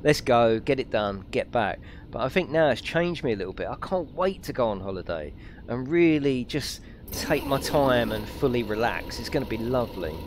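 A man streaming a driving game, chatting excitedly with viewers and reading out their comments. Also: moderate pace, noisy background. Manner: chatty and excitable, reads out chat, lively pitch swings. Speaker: gaming streamer. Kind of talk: live let's-play commentary, chatting with viewers.

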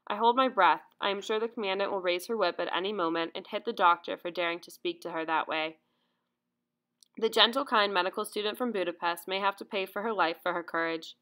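A woman reading memoir narration aloud in a measured, earnest way. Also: mid-range voice, sharp tone. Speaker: audiobook narrator.

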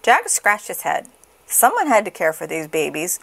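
A woman reading a children's picture book aloud in a slow, expressive sing-song. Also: fairly low pitch, gravelly. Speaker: storybook reader.

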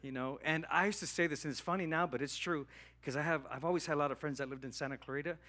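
A man pastor delivering a sermon in a church, telling a personal story and acting out conversations with God in an animated way. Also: on the high side, fast talker. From Southern California. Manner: animated, acts out dialogue with God. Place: church hall.

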